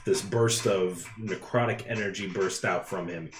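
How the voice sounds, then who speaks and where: A man's voice: lowish voice, steady tone, normal speed. A man running a tabletop game as game master, explaining rules with frequent restarts and fillers. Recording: roomy sound with music behind.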